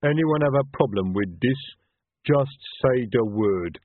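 A man doing a slow, blunt troll sergeant. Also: mid-range voice, voice pushed up. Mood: flat. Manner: slow, flat, blunt delivery. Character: slow heavy male troll sergeant, dutiful. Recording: tinny phone-like dry sound.

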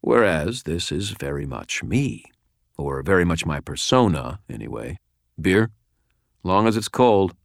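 A man's voice: deep voice, sing-song, unhurried, creaky, no room sound, exaggerated voice. A man voicing a suave, sardonic rich brother. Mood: dry. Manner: dry, cutting and worldly. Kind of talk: audiobook character voice.

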